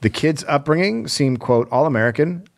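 A man's voice: a little high, normal speed, vocal fry. A man co-hosting a comedy history podcast, reading notes with stumbles and wry asides. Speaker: podcast co-host.

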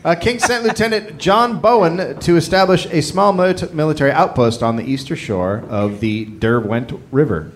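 A man co-hosting a live comedy podcast, reading a story from notes and breaking off to joke and shout. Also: a little high, normal speed, hardly any pauses. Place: live stage before an audience. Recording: live show, audience noise behind.

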